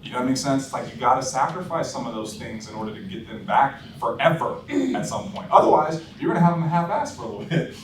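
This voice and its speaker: A man giving blunt, animated sales coaching to his team, acting out phone calls as he tells stories. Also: medium pitch, fast. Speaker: insurance sales trainer. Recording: roomy echo, distant mic, background noise.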